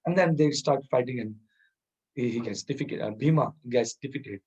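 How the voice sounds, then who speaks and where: Husky man teaching soft skills. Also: mid-range voice, moderate pace, dull audio. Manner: chuckles often, Hindi words mixed into English. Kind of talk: informal lecture with storytelling.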